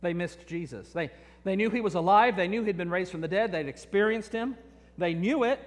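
A pastor with a voice that sits high preaches a sermon at a moderate pace, expressive and earnest, telling stories and often repeating his words. A long reverb tail trails his speech.

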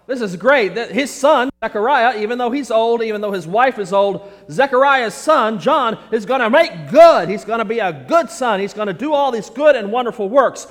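Playful male preacher, high voice, jokey asides, echoey church hall. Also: expressive, moderate pace. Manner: playful, acts out the characters. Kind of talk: sermon with humorous asides.

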